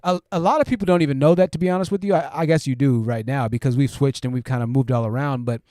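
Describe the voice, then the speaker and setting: Talking fast in a medium-pitched, steady, mellow voice, a man hosts a livestream, reading out viewer comments and discussing them. He's conversational, often asks "right?", breaks off to restart phrases, and repeats himself, with studio-quality audio and no echo.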